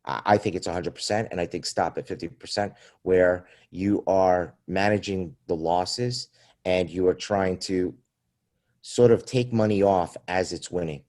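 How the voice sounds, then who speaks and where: A man's voice: sits low, measured pace, a little mellow. A man, a guest trader, explaining in conversation, often restarting phrases and checking in with "okay?" and "right?". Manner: acts out quoted voices in storytelling.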